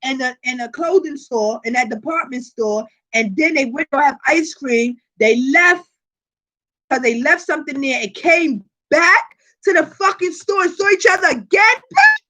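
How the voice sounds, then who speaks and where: A woman hosting her channel, telling a personal story in a casual vlog with animated, profane delivery and constant check-ins with her viewers. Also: sits high, normal speed. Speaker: tarot reader and channel host.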